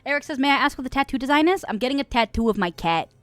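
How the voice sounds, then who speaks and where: Lively, bright-voiced young woman streamer. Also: high voice, no echo. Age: 20s. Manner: animated, swearing, giggly, chatting with viewers. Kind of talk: casual gaming stream chat.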